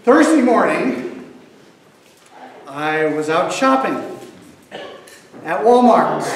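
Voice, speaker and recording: A man's voice: a little high, slight background noise. A male pastor delivering a sermon, telling a story with acted voices, in an echoey church, heard from far off.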